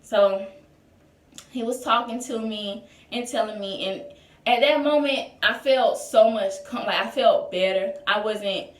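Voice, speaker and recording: A woman's voice: on the high side, unhurried, far from the mic. A young woman telling a personal story in a casual storytime vlog, chatty and full of "like" and "y'all". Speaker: vlogger. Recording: echoey room, voice a bit off-mic.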